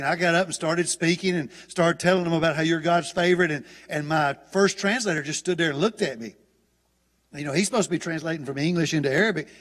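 A man's voice: fairly high pitch, a bit bright. A man with a Southern US accent, a guest preacher giving a folksy, chatty sermon with many restarts. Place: church auditorium. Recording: long church hall reverb.

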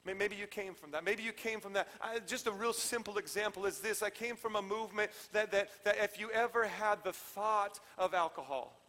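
A man preaching a sermon as pastor in a conversational way, swinging between loud emphatic lines and hushed ones. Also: sits high, normal speed, hardly any pauses. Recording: long hall reverb.

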